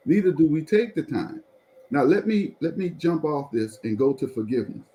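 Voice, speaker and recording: A pastor telling a personal testimony in conversation, animated and repeatedly drawing the listener in to follow along. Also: male voice, on the high side, moderate pace, rough recording.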